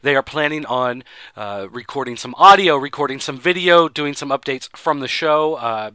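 Bright, dry-voiced male podcast host. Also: mid-range voice, normal speed, smooth, dry recording. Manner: rambling, relaxed and conversational. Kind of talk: casual chat recapping wrestling.

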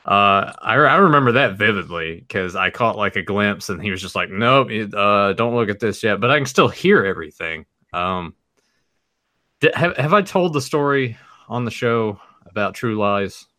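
Lowish guy, sharp bright tone, dry mic, kinda hesitant. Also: lively intonation, moderate pace, no echo. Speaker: podcast co-host. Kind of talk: casual chat.

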